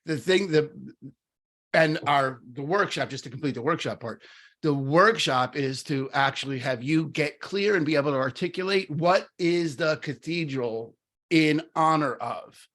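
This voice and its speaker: A middle-aged man talking on a podcast in a fairly high voice. He tells his story in an animated, rambling way, full of fillers and restarts, and acts out the voices of the people in it. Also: unhurried. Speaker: podcast co-host. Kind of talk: casual conversation with storytelling.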